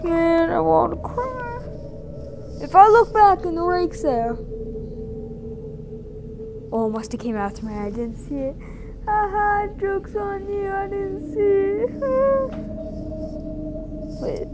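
Woman freaking out over a scary vr game, high swoopy voice, lots of background noise. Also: animated, slow pace, long pauses. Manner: panicky, exclaiming, gasping and shouting. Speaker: gamer. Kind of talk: playing a VR horror game, reacting aloud.

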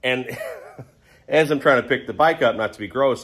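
A man's voice: fairly low pitch, moderate pace, long pauses, a bit bright. A middle-aged man casually telling a rambling, self-mocking story about a motorcycle crash, perking up when he quotes other people. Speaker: motorcycle vlogger.

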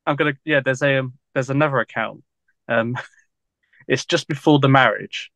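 As a guest historian on a podcast, a man rambles through a casual interview, laughing easily and saying "you know" constantly. His ordinary mid-range voice is gravelly and a bit bright, at normal speed, recorded dry and close with no room echo.

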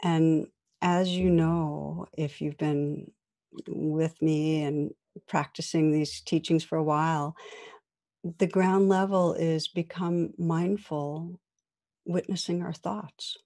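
Gentle, slow-spoken woman meditation teacher. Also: deep voice, fairly even intonation. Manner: slow and gentle with long pauses. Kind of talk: guided meditation talk.

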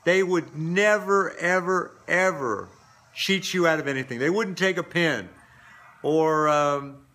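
Bright-voiced man telling a rambling story. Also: a little high, takes it slowly. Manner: rambling, informal, lots of restarts. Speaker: business speaker. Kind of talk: casual storytelling to camera.

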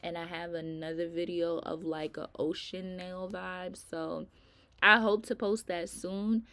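A woman's voice: fairly low pitch, fairly even intonation, measured pace, bright, forceful tone. Tired, chatty middle-aged woman vlogger. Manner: chatty, rambling, informal, addresses viewers as y'all. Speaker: nail vlogger. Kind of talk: casual chat to viewers.

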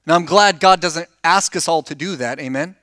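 A male pastor with a high, bright voice delivers a conversational sermon. He tells the story with lively acted-out lines and turns to the congregation with questions. The sound is dry and close, with little room echo. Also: normal speed. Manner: animated storytelling, acts out quoted dialogue. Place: church.

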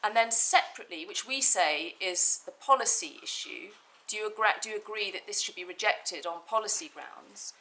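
A woman barrister making a formal legal argument to judges in a courtroom, measured and precise, stressing key words. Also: mid-range voice, pushed and bright, rough recording.

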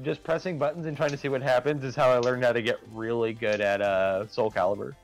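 A man's voice: mid-range voice, steady tone, fairly quick, faint music behind. A man with a nasal, slightly lispy voice, co-hosting a game stream with crude, sarcastic jokes. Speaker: stream co-host. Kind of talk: casual gaming chat.

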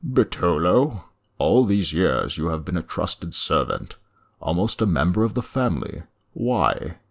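A man's voice: low voice, animated, unhurried, fairly bright tone, slightly rough, full character voice. A man voicing a stern, indignant older nobleman father in a story reading.

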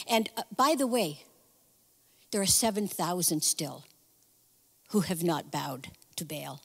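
A woman giving a sermon as guest speaker, telling the story in a lively, conversational way with casual asides. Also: on the low side, slow, vocal fry, long pauses, slightly rough, in a large hall. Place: church sanctuary.

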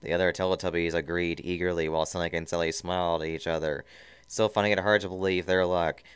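Deep voiced guy reading fanfic out loud, mock serious, super clean dry close mic. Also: flat delivery, fast, clean tone, no room sound. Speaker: story reader. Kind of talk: reading fan fiction aloud.

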